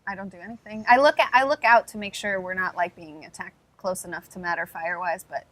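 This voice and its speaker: A woman's voice: lowish voice, fast talker, a bit bright, no echo, poor audio. A woman playing a tabletop game, speaking tentatively and thinking aloud as she plans her character's moves. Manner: tentative, thinks aloud with restarts while planning. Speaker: player.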